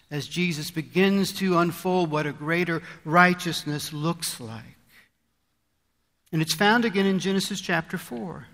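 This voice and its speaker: A man's voice: fairly high pitch, a bit bright, in a large hall. A male pastor preaching a sermon in an earnest, conversational way, often asking his listeners rhetorical questions.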